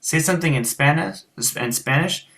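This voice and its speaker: Rural-accented American man, bright tone, loose rambling live-stream chat as a guitar teacher. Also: fairly high pitch, normal speed, gravelly. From United States. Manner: rambling, many fillers and restarts. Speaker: guitar teacher and show host. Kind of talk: casual chat answering viewers.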